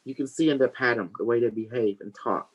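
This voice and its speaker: A man's voice: medium pitch, fast talker, breathy edge, dull audio. A man hosting a casual teaching talk for his community. He rambles, repeats words and laughs often. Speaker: community leader and host.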